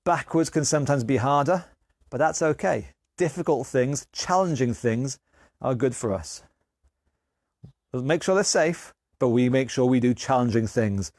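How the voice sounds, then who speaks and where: This fitness instructor from England sounds slightly winded while running a live online class, counting down exercises in a cheerful, talkative way. He has a mid-range, darkish voice at a moderate pace, recorded cleanly in a studio with no room sound.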